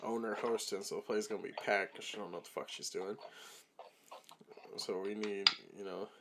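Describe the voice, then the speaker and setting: A man's voice: fairly low pitch, steady tone, fairly quick, very noisy. A man co-hosting a podcast, riffing profanely and sarcastically in casual chat. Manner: profane, jokey, riffs with sarcasm. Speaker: podcast co-host.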